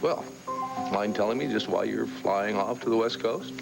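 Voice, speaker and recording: A man's voice: lowish voice, normal speed, gravelly, loud music behind the voice, low-quality recording. An actor in a 1980s soap opera playing a joking young man who works as a porter. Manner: teasing, joking.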